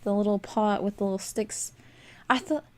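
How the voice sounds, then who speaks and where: With a steady tone and moderate pace, a young woman of medium pitch casually narrates a game build through a desk microphone. She's sleepy and yawning, rambling with lots of fillers and little laughs.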